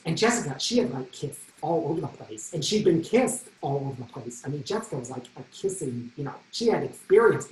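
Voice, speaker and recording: A man performing a comic solo stage monologue, telling his story in an animated, self-mocking way on a theatre stage. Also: on the high side, brisk, hardly any pauses. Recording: roomy stage sound from a distant mic.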